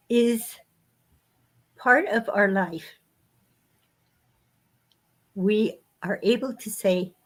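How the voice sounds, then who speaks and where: A woman speaks as a guest author on spiritual matters. She talks in an unhurried, measured way, pausing between short phrases. Her pitch sits in an ordinary middle range. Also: a bit bright. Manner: slow, measured phrasing with frequent pauses. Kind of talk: spiritual teaching talk.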